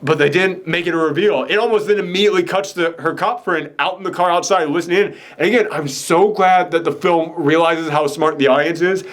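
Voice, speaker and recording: A young man co-hosting a casual film chat, animated and excited, acting out characters' lines as he talks. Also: fairly high pitch, fairly quick, hardly any pauses. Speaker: podcast co-host reviewing a film.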